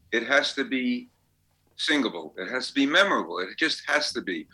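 Old songwriter guy, really bright voice, chatty and laughing through stories. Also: medium pitch, low-quality recording. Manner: chatty storyteller, laughs as he talks. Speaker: songwriter guest. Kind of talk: anecdotal interview.

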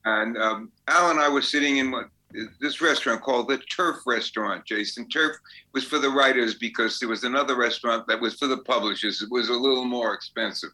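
This man in his eighties, appearing as a songwriter guest, tells chatty anecdotes and laughs along the way during an interview. He speaks briskly in a mid-range voice with a bright, forceful tone, captured on a low-quality recording.

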